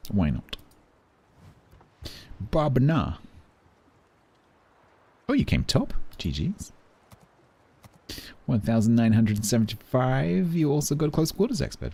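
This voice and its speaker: A man's voice: mid-range voice, warm tone, slightly rough. A British man streaming a game, chatting casually with his viewers in a rambling, dry, self-mocking way. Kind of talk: casual chat while gaming.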